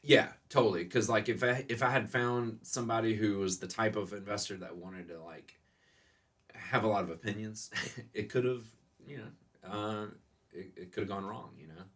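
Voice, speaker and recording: A man who owns a restaurant, telling stories as a guest in a casual podcast interview. He talks a lot, in a lively way, and laughs often. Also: on the low side, normal speed. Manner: animated, laughing, self-described talker.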